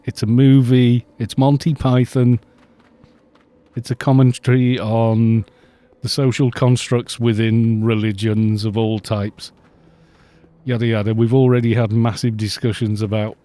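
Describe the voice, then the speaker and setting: A man's voice: mid-range voice, mellow, dry recording. A middle-aged man chatting casually and rambling on a live game stream, laughing often.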